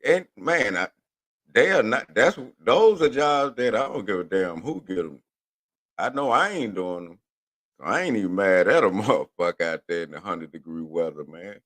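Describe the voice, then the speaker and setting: A man from Houston, hosting a radio show in a profane, rambling monologue rant. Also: lowish voice. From Houston, Texas. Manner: profane, animated, rambling with drawn-out words.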